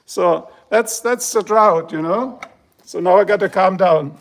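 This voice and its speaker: A German man livestreams from his home beside the garage, ranting with exaggerated swearing and complaints. His voice sits high and a little slow, with vocal fry.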